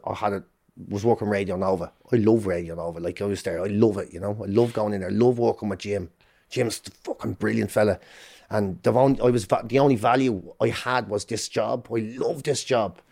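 A middle-aged Irish man talking as a podcast guest, telling his story candidly in a fast, swearing, self-interrupting way. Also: medium pitch, a little mellow. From Ireland.

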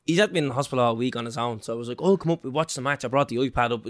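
A man's voice: mid-range voice, racing, no room sound, clean studio sound. An Irish man telling a story emphatically in a casual chat, swearing heavily. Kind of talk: casual banter.

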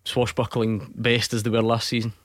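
A man's voice: medium pitch, completely flat delivery, moderate pace, dry recording. A man hosting a radio football phone-in, asking probing questions from the studio.

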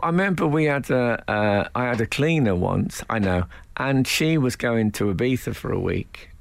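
A man's voice: mid-range voice, animated, moderate pace, creaky, no echo. A man hosting a radio show in a studio, chatting in a rambling, playful way with many asides. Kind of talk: casual radio banter. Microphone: studio microphone.

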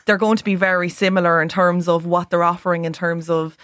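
A woman's voice: lowish voice, flat delivery, brisk, a bit bright, no echo. An Irish woman reporter on a radio advice segment, chatting through phone prices and tips with frequent ums. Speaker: news reporter. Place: radio studio.

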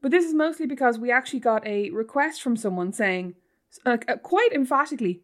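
Teasing woman co-host, slightly high voice. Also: brisk. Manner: teasing, animated storyteller. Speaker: podcast co-host. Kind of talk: casual chat.

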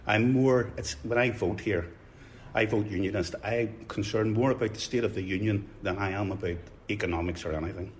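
A man's voice: lowish voice, fairly quick, slight background noise. An older man, a pensioner, answering a street interview in a firm, emphatic way.

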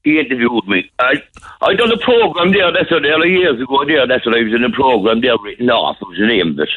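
A man's voice: mid-range voice, lively intonation, fast, husky. A man with a Cork accent calling a radio show, telling a rambling story. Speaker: caller. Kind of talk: casual phone-in chat. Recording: tinny phone line.

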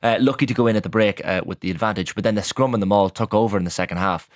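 A young Irish man talks sport at a fast clip, tripping over and repeating words as his thoughts race ahead. His voice sits fairly low and sounds close and dry, with no room around it. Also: no echo. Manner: quick, chatty, repeats words as he goes. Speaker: sports journalist guest. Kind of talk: casual radio sports chat.

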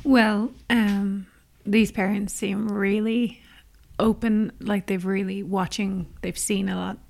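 A woman's voice: medium pitch, flat delivery, slow, vocal fry, darkish tone. A woman co-hosting a casual podcast as a childcare expert, explaining things in an earnest, emphatic way.

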